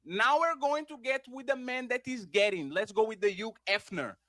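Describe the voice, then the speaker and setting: A man with a very high, sharp voice pins down a panelist in a heated debate. He repeats himself slowly and insistently until he gets a straight answer. The sound is dry and close. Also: no room sound.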